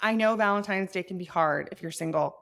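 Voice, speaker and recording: A woman's voice: medium pitch, a little fast, gravelly, a bit bright. A woman in her thirties hosting an advice podcast, talking in an earnest, chatty way that turns emotional at times. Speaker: podcast host.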